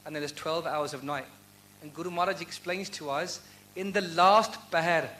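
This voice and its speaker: A man's voice: a little high, pushed and bright, slight background noise, low-quality recording. Earnest man giving a heartfelt devotional talk. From United Kingdom. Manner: earnest, heartfelt, asks rhetorical questions. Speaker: guest speaker answering audience questions. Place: university lecture event.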